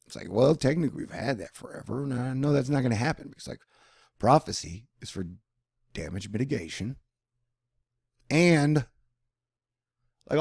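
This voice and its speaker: A man talking in a rambling personal monologue, animated and drifting between topics, now and then slipping into mock voices. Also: medium pitch, no room sound, studio quality. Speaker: vlogger.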